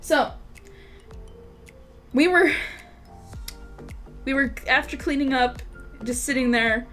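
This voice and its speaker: Young woman, vlogger, higher voice, casual storytelling, laughing and swearing, faint music underneath. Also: slow, fairly bright tone. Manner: laughing, swearing, rambling anecdote.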